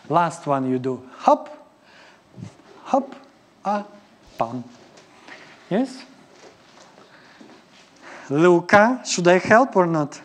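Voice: mid-range voice, slight background noise. Ballet teacher, scatting counts. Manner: counts and scats rhythms, choppy non-native English. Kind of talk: live ballet class instruction. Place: ballet studio. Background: piano music.

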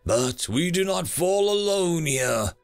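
A man's voice: on the high side, sing-song, measured pace, creaky, a bit bright, soft background music, full character voice. A man voicing a decisive male starship captain giving orders in a narrated sci-fi story. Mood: commanding. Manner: clipped commands, grave speeches.

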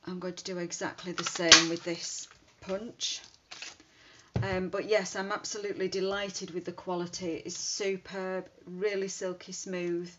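Woman, lowish voice, chatty craft demo; dull lo-fi recording with light hiss. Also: little pitch movement, unhurried. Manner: chatty, thinking aloud while working. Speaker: card-making demonstrator. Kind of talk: casual craft demonstration. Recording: dull lo-fi sound with faint hiss.

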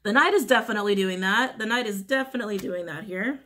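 A woman's voice: medium pitch, fast talker, pushed and bright, slight background noise. A woman giving a casual tarot reading, talking bluntly, swearing freely, and repeating phrases for emphasis. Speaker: tarot reader.

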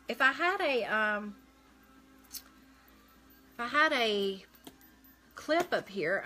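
A woman's voice: a little high, sharp tone. A woman hosting a casual live makeup stream, chatting as she works and answering viewer comments aloud.

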